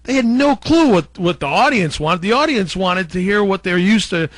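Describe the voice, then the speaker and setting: A man with a slightly high voice tells stories from his radio days, acting out what others said with lively energy. The sound is dry and close, with no room around it. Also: moderate pace, no room sound. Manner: animated, acts out quotes of others. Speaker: former radio DJ guest. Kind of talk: casual storytelling interview.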